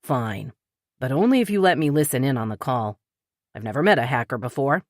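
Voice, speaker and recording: A woman's voice: very deep voice, lively intonation, brisk, dry recording, clean studio sound. A woman narrator voicing a suspicious, nosy young woman deputy who grumbles. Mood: grudging.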